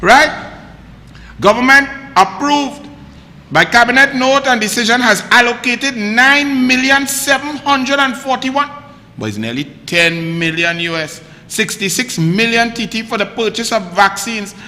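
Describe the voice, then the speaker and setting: Trinidadian male host, sharp bright tone, mocking political rant, long room reverb. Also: extremely high pitch, animated. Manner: mocking, rapid-fire rhetorical questions in dialect. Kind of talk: heated political commentary.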